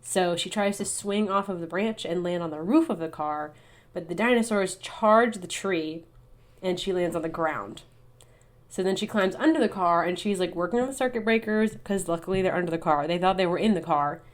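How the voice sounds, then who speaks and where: A woman's voice: lowish voice, normal speed. A young woman co-hosting a podcast, recapping a novel in a casual, chatty way full of "like" and "um", and acting out the characters' lines. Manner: chatty, many fillers, acts out characters' lines. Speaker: podcast co-host. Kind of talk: casual book recap chat. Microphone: podcast mic over online call.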